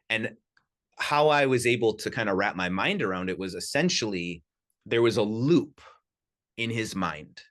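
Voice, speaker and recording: A man telling lively personal anecdotes as a podcast guest, talking casually with lots of "you know" and "like". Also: medium pitch, normal speed. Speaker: podcast guest, sound healer. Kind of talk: casual storytelling. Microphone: studio podcast mic.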